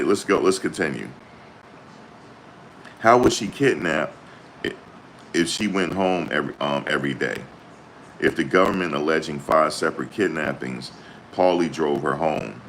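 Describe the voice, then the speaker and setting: A man giving slangy, excitable reaction commentary on a trial, exclaiming and repeating his points. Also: rumbling low, normal speed, creaky, slight background noise.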